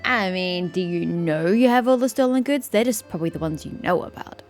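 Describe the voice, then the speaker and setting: A woman's voice: on the low side, fairly quick, faint music behind. A young woman streaming a game, making sarcastic, grumbling asides as she plays. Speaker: gaming streamer. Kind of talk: let's play commentary.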